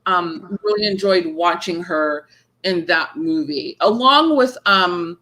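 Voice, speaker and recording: Animated and expressive, this woman tells her stories with a wide, lively swing of pitch. She slips into the voices of the people she quotes as she goes. The feel is a relaxed, casual interview chat. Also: slow pace, low-quality recording. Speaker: horror author guest.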